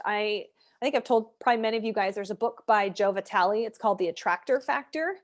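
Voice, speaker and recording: A woman fitness and nutrition coach speaking candidly over a video call, chatty with many fillers, leading an online workshop. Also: a little high. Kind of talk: casual online workshop talk.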